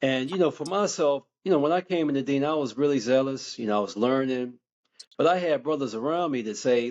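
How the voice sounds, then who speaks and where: A man being interviewed as an author, talking in a measured, reflective way with many "you know" asides. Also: medium pitch, a little mellow, muffled recording. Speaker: guest author.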